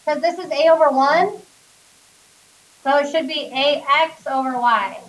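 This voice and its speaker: High-voiced woman teaching math in class. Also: measured pace, echoey room. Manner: questioning, coaxing students step by step. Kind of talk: classroom lecture. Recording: distant classroom recording.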